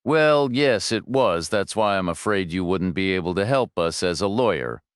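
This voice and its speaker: A man voicing a frail old woman who speaks hesitantly, wavering, low and resigned. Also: lively intonation, moderate pace, smooth, dry recording, studio quality.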